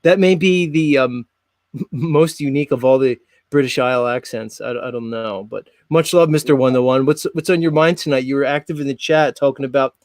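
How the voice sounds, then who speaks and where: A man's voice: mid-range voice, fairly quick, no room sound, studio quality. A man in his forties hosting a casual live show, rambling with many fillers and frequent laughs. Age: 40s. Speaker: show host.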